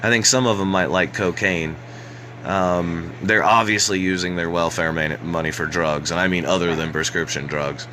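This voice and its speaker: A man hosting a live-stream rant show, talking in a sarcastic, mocking way with many halting restarts. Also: deep voice, steady tone, bright, forceful tone, a little hiss or hum, rough recording. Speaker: host of a political rant show.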